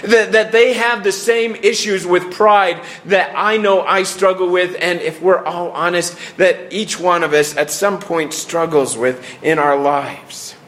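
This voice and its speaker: Earnest, fairly high-voiced male preacher. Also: steady tone, a bit bright. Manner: earnest, with many restarts and falling pauses. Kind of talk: sermon.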